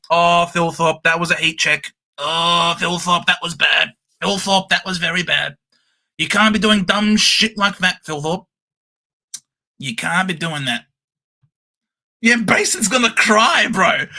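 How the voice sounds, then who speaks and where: A high-voiced man calls a football match for his live-stream audience at an unhurried pace. His tone is bright and lively, and he breaks into shouts and cheers at the play. He speaks into a home streaming mic. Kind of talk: excited live sports commentary.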